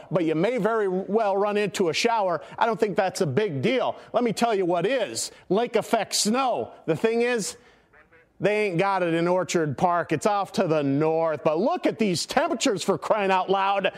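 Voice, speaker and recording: A man putting on a loud, theatrical high voice as a brash TV weatherman. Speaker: weather reporter segment. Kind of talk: comic over-the-top weather report.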